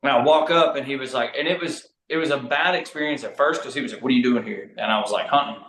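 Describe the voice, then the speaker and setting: Dude excitedly spinning hunting yarns, roomy echo on his voice. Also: medium pitch. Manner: animated, talks fast in bursts, laughs mid-story. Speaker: podcast guest, bowhunter. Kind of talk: casual storytelling chat.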